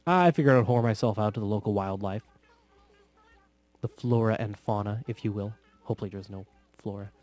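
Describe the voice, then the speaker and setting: A man's voice: on the low side, brisk. Sarcastic man joking through a game. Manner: sarcastic, joking, bursts of loud laughter. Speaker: gameplay commentator. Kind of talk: casual let's play commentary.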